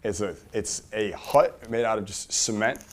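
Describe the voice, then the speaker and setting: A man with a lowish voice speaks a little slowly during a spirited seminar for a live audience. Rhetorical questions come in quick succession, and he shifts from loud stress to quiet side remarks.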